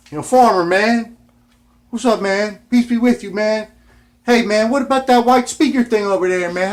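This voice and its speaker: Laid-back male vlogger, rambling yarn-spinner, swears freely, drops "man" into every line, swings from loud to hushed. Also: mid-range voice. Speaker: guitar vlogger. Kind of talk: rambling casual storytelling.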